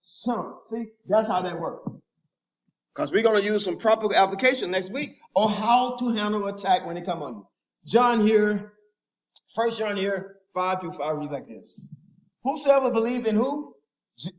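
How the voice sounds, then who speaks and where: A man preaching a sermon in a call-and-response style, informal and emphatic, often asking the listeners to finish his sentences. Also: high-pitched. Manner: asks the congregation to fill in words. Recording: echoey, dull lo-fi room sound.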